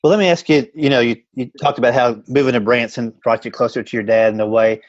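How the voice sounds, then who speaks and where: A man's voice: mid-range voice, fairly even intonation, fast talker, no room sound. Male podcast interviewer, encouraging, rambling questions, dull dry sound. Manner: supportive, asks long rambling questions. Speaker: podcast host. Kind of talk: interviewing a guest.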